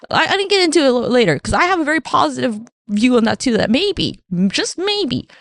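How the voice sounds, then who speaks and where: A woman rambles through a solo podcast, swearing freely and acting out quoted voices as she goes. Her voice has a gravelly fry and a lively, swooping pitch. The sound is close and dry. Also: fairly quick, hardly any pauses, no room sound. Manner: rambling, profane, animated, acts out quoted voices. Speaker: podcast host. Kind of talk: casual solo podcast monologue.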